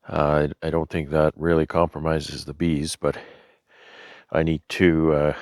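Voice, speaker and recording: A man's voice: a bass voice, a little mellow, no room sound, clean studio sound. A man with a Canadian accent hosting a beekeeping vlog, talking in an easygoing, rambling way with lots of fillers and restarts. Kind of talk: casual show-and-tell narration.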